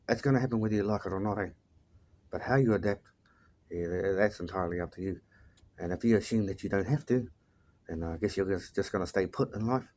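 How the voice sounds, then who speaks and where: Blunt, swearing New man, low voice. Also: a little mellow, a little hiss or hum. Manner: blunt and profane, tags sentences with "eh". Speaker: life coach. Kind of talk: casual motivational monologue.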